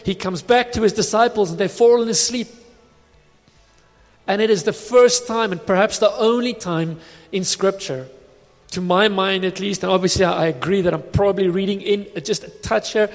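Guy preaching in a church hall, pretty high voice, big long echo. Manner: reflective, conversational preaching with acted quotes. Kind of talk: sermon.

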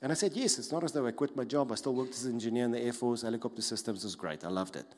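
A man preaching a sermon as pastor, animated, acting out mocking voices with big swings in loudness. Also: mid-range voice, racing. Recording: long reverb of a large hall.

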